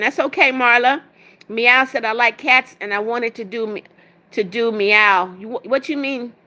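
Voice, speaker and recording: A woman's voice: a little high, bright, forceful tone. A woman hosting a livestream, reading chat comments aloud and greeting viewers with cheerful repeated hellos, sometimes stumbling over names. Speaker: livestream host.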